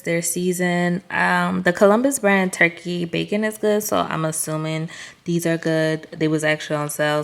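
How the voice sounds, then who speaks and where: A woman's voice: lowish voice, vocal fry, heavy background noise. A woman vlogger casually chatting through a grocery haul, talking straight to her viewers and laughing at herself. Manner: chatty, self-amused, talks to viewers directly.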